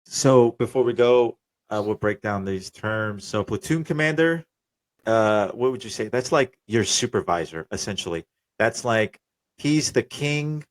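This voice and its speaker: Young podcast host dude, lowish voice, laid back, swears, explains stuff for listeners. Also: male voice, a little slow. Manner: relaxed, profane, explains terms. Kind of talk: casual podcast chat.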